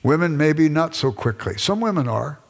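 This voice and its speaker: A man's voice: on the high side, lively intonation, moderate pace, vocal fry. An older man giving a conversational lecture to a class, acting out bits of dialogue with his wife as he goes. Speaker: lecturer, former pastor. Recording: long reverb from a hall.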